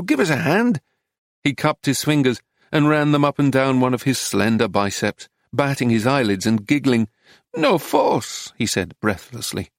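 A man narrating a memoir as an audiobook, telling it in a measured, even way. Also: medium pitch, no echo, clean studio sound.

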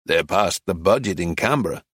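A man voicing a sullen, curt male council chairman in an audiobook, in a flat, disinterested manner. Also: sits low, measured pace, no room sound, voice pushed down. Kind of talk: audiobook character voice.

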